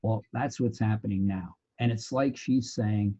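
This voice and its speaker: Man, sociology lecture, animated storyteller, mellow husky voice, lo-fi sound. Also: lowish voice, unhurried, few pauses. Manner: animated storyteller, bursts into loud laughter. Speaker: sociology instructor. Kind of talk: lecture with anecdotes.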